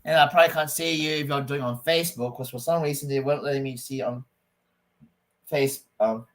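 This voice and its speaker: A man's voice: medium pitch, steady tone, brisk, a bit bright, rough recording. A man ranting to camera in a rambling, stop-start, aggrieved way. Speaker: vlogger. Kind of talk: casual rant to camera.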